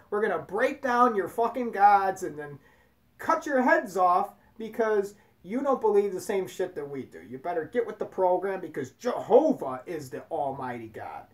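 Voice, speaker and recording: A host giving casual spoken commentary in a blunt, profane, rambling way. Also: mid-range voice. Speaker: video host.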